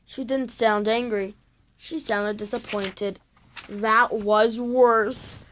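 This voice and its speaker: Female reader for a children's book, slightly high voice, dramatic and expressive. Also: slow, a little hiss or hum. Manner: expressive, dramatic storytelling with sound effects. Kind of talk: reading a children's chapter book aloud.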